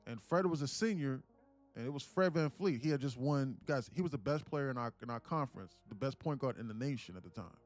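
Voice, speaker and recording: A man's voice: mid-range voice, fairly quick, soft background music. A man in his late twenties telling a story in a casual, profane, slangy way to a live stream chat. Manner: profane, slangy, animated retelling. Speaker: live-streaming day trader.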